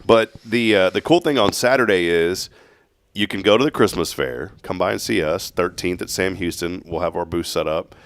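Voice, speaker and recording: Gravelly low-voiced host, easygoing. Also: male voice, normal speed, dry recording. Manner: jokey, upbeat sign-offs. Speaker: morning show host. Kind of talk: casual chat.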